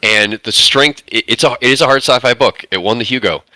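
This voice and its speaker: A man's voice: mid-range voice, brisk, bright, forceful tone, no echo, low-quality recording. A man co-hosting a casual book podcast, earnest and keen on science. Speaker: podcast co-host who chose the book. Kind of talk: casual book-club chat.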